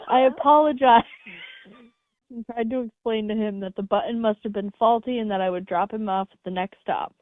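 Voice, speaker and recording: A woman's voice: fairly high pitch, moderate pace, no echo. A woman reading online stories aloud in a casual chat, with light laughs and asides. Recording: dry, phone-like audio.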